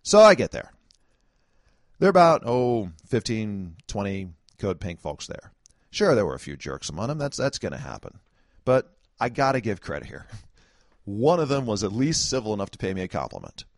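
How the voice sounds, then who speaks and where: A man spins a first-person story in a wry, conversational monologue, tossing in chuckling asides. His voice sits a little low yet swings widely in pitch. The sound is dry and close, with no room around it. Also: big pitch swings, moderate pace, dry recording. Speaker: political commentator.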